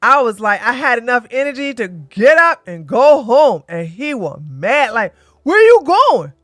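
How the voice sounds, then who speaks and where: A woman's voice: a little high, animated, normal speed, fairly bright tone, dry recording, clean studio sound. Blunt, joking woman livestream host. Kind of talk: casual commentary and storytelling.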